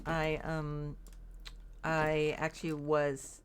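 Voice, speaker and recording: Woman, middle-aged, low voice, rambling casual game-stream chat, tired and yawning, faint background noise. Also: monotone, extremely slow. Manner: rambling, chatty, reads chat aloud; frequent fillers and restarts. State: yawning, recovering from illness. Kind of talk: casual chat while playing.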